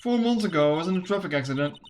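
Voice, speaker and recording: A woman voicing a quiet, troubled young woman who speaks softly and haltingly. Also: lowish voice, lively intonation, a little hiss or hum, lightly acted.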